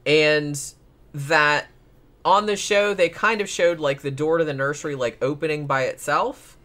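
A man's voice: fairly high pitch, fairly even intonation, unhurried, sharp tone. A man casually recapping a paranormal case as a podcast co-host, rambling, swearing freely and laughing often. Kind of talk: casual chat.

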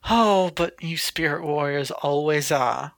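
A woman voicing a scheming, genteel female villain with a put-on Southern US accent, speaking slowly and softly with quiet menace. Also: deep voice, vocal fry, no echo, clean studio sound, pitched below the performer's own voice. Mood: taunting. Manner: slow, silky, hushed menace.

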